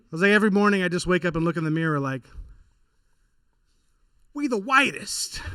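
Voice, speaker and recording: A young man from California performing a stand-up comedy set, lively and playful, slipping into character voices. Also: a little high, clean tone, no echo, studio quality. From small town south of the Bay Area, California.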